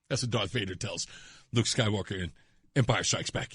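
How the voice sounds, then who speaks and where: A male talk radio host riffing excitedly and laughing often between points. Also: on the low side, normal speed, pauses often, slightly rough, no echo. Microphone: studio microphone.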